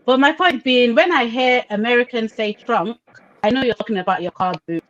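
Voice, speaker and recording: A woman's voice: fairly high pitch, a little fast, a little hiss or hum. A woman from Nigeria living in Britain, speaking passionately and emphatically on a video call, repeating her points for stress. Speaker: podcast co-host. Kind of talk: casual discussion on a video call. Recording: slightly dull lo-fi call audio.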